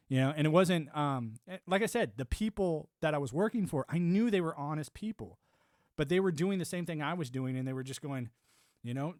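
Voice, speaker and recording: Man, fairly high voice, dry close sound, blunt and profane, rambling talk. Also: fast, no echo. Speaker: livestream host, military veteran. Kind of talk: casual monologue.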